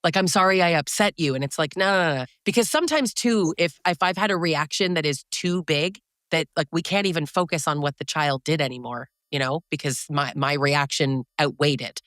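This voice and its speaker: Thoughtful therapist guest, mid-pitched voice. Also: a little fast, hardly any pauses, a bit bright, dry recording, clean studio sound. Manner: thoughtful, frank, searching for words. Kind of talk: reflective conversational talk.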